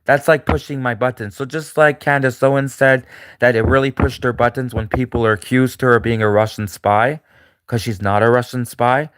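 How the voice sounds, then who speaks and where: A man's voice: medium pitch, fairly even intonation, normal speed, clear, resonant tone, no room sound. Male solo commentator, rambling and repetitive with lots of fillers, dry close mic. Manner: rambling, repetitive, frequent fillers and restarts, mocking put-on voices.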